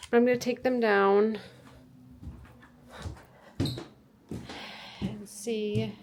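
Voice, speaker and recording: A woman's voice: mid-range voice, fairly even intonation, extremely slow, gravelly, reverberant, background noise. A young woman vlogging casually about decorating her apartment, chatty and enthusiastic as she thinks aloud. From United States. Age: young adult. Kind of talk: casual vlog narration.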